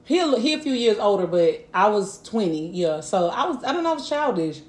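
Woman, thirties, podcast co-host, casual chat, animated storytelling, echoey room. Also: mid-range voice, brisk. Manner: animated storytelling, laughing, frequent swearing.

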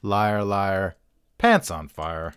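This is a man running a casual pronunciation walkthrough, tossing in dry jokes at his own expense. His voice leaps around in pitch as he explains. The recording is dry and close, with no room sound. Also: sing-song, extremely slow, a bit bright, clean tone, dry recording. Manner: wry, offhand asides and self-mockery. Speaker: host of a pronunciation channel. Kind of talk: casual talk-through with jokes.

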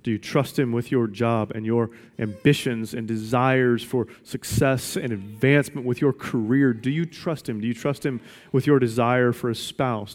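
A male pastor delivering a sermon in an emphatic style, returning to the same question again and again to drive it home. His voice sits at an ordinary middle pitch for a man. A long reverb trails his words, as in a large church sanctuary. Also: darkish tone. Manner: emphatic, repeats questions for weight.

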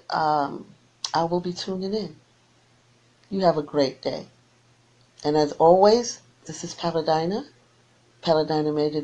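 A woman's voice: low voice, dark tone, dull audio. A woman hosting a call-in radio show, chatting casually and bluntly with callers and repeating her sign-off.

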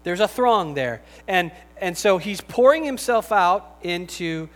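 Male pastor, high voice, chatty and humorous sermon with forceful emphasis; long hall reverb, faint music bed. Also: animated, a little slow. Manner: conversational and joking, with emphatic bursts.

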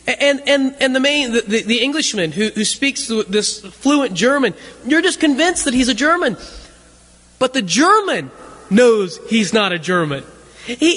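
A man's voice: extremely high pitch, a bit bright. A man giving a sermon as a loose, conversational story, often stumbling over and repeating his words. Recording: long reverb of a large hall.

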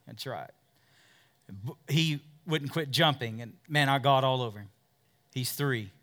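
A male pastor preaching a fervent sermon, drawing call-and-response from the congregation and swinging between loud peaks and hushed asides. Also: mid-range voice, normal speed. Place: church service with a congregation.

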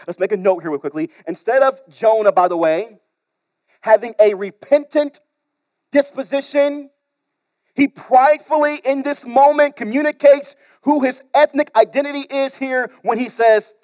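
High-voiced, animated preaching man. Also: moderate pace, no echo, lo-fi sound. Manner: animated preaching, swings between loud emphasis and quiet asides; repeats words, talks straight to the congregation. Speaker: pastor. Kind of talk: sermon.

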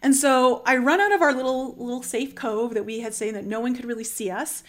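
Young woman w a high voice, earnest vlog story, lots of likes, animated. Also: fairly quick. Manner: earnest, animated, many fillers like "like". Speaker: channel host sharing a personal story. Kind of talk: emotional personal storytelling.

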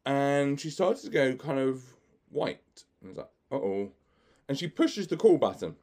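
A man's voice: mid-range voice, sing-song, normal speed, darkish tone. A man, a magician hosting a podcast, telling chatty stories with frequent laughter and many fillers. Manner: acts out other people's lines in the stories. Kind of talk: anecdotal podcast storytelling.

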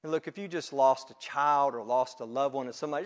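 A man preaching a sermon to his congregation, building to loud emphatic peaks and then dropping low. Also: quick pace. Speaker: pastor.

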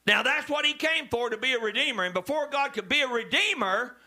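A male preacher delivering a sermon, dropping to low murmurs and rising to shouted calls to the congregation. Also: lively intonation, brisk. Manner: swings from low murmurs to loud shouted exhortations.

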